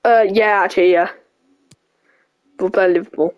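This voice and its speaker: A woman's voice: medium pitch, steady tone, moderate pace, darkish tone, smooth, low-quality recording. A woman hosting a gaming video, casually grumbling and talking back at a football game as she plays. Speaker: gaming channel host. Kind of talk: casual gameplay commentary.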